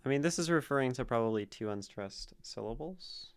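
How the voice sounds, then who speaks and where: A man's voice: medium pitch, expressive, a little fast, clean tone. A man hosting a live stream, casually analyzing poetry and thinking aloud as he taps out rhythms in syllables. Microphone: streaming mic.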